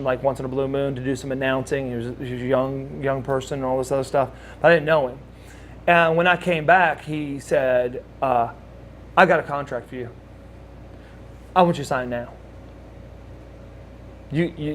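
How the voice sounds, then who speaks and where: A man's voice: mid-range voice, slight background noise. A middle-aged man with a Southern US accent telling rambling anecdotes in a casual interview, restarting phrases and laughing now and then. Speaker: interview guest, former wrestler.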